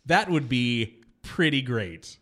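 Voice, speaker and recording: A man's voice: medium pitch, expressive, slow, a bit bright. A man co-hosting a radio show, rambling and laughing through casual chat with many fillers. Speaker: co-host.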